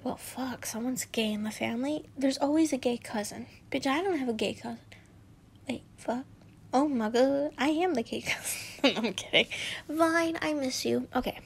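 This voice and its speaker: A woman's voice: high voice, normal speed, gravelly, breathy edge. A woman reading fanfiction aloud in a casual way, giggling, swearing and tripping over words as she comments. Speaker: fanfiction reader.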